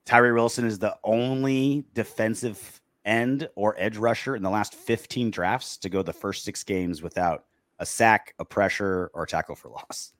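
A man's voice: on the low side, normal speed, a bit bright, no echo. A man co-hosting a casual post-game sports show, sarcastic and reading out listener comments. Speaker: podcast co-host.

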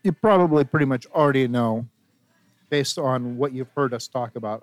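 A man's voice: medium pitch, a little fast. A man co-hosting a food review show, enthusiastic and jokey in casual chat.

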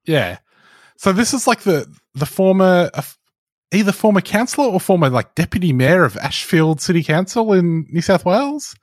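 A man's voice: sits high, sing-song, normal speed, no echo. A man co-hosting a casual podcast chat, talking with wry, dry teasing. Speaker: podcast co-host.

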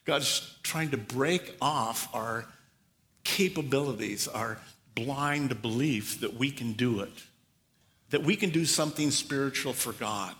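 Bright-voiced man preaching a sermon. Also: mid-range voice, in a large hall. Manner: animated storytelling with quick acted asides. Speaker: pastor.

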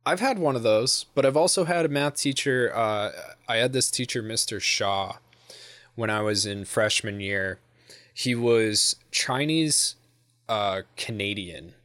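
A man's voice: on the low side, a little slow, fairly bright tone, no room sound, studio quality. A young man co-hosting a podcast in casual chat, rambling with lots of swearing and laughter. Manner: rambling, profane, laughs often. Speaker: podcast co-host.

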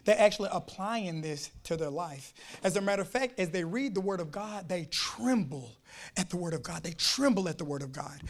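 A man with a very high voice preaches a sermon. He repeats his phrases for weight and reads scripture slowly. His delivery swings between shouting and quiet intensity. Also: expressive. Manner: quotes scripture slowly and deliberately.

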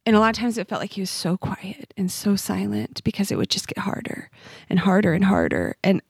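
A woman's voice: mid-range voice, animated, a little fast, gravelly, darkish tone, breathy edge, dry recording, clean studio sound. A woman in her forties, a podcast guest, telling a personal story in an earnest, heartfelt way that often halts and restarts. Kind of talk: personal testimony in conversation.

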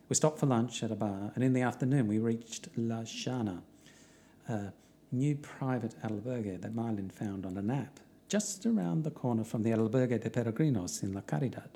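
A man's voice: medium pitch, dark tone. A middle-aged Australian man narrating a walking trip diary in an easygoing, wry way.

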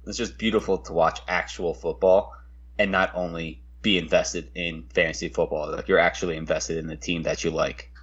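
Husky low-voiced man chatting sports. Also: little pitch movement, moderate pace, a bit bright, lo-fi sound. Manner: hesitant, repeats words when starting sentences. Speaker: podcast co-host. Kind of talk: casual sports chat.

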